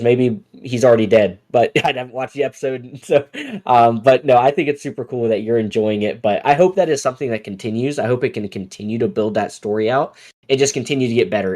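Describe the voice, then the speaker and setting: A man with a medium-pitched, slightly mellow voice co-hosts a podcast. The talk is a casual, rambling chat packed with fillers.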